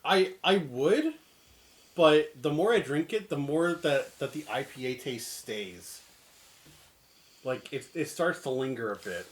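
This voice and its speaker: Canadian dude, wry and teasing, pitch jumps all over. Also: male voice, animated, a little slow. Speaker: co-host of a beer tasting show. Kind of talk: casual beer-tasting chat.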